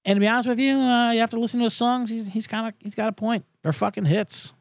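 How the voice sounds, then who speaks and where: A man's voice: very high voice, fast talker, vocal fry, a little hiss or hum. A male podcast host telling a profane, sarcastic comedic story and acting out the people in it. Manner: profane, sarcastic, acts out quoted voices.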